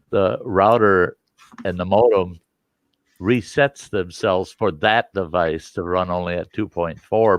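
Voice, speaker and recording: A man's voice: sits low, no room sound. A man hosting a livestream, chatting casually and rambling through step-by-step tech explanations at his computer. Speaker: livestream host. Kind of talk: casual chat.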